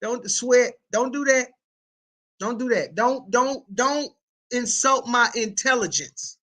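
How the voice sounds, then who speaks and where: Bright-voiced woman livestream host. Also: fairly high pitch, slow, rough recording. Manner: animated, laughing, colloquial Southern-tinged speech with repetitions. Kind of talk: casual livestream chat reading viewer comments.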